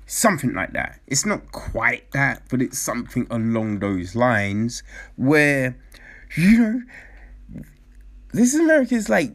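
Guy doing a laid-back commentary rant, slow and drawn out, voice bouncing all over, laughs a lot and swears, mimics folks for a line. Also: mid-range voice, sing-song. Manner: laughs often, swears, mimics others in quick asides. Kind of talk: casual commentary monologue.

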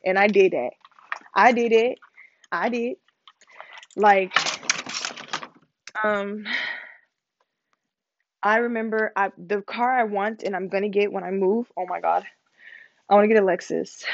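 A woman's voice: medium pitch, moderate pace, long pauses. A young woman talking candidly in a casual vlog, rambling with lots of "like" and freely swearing. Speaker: vlogger. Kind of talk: casual personal vlog monologue. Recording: dull lo-fi recording with faint noise.

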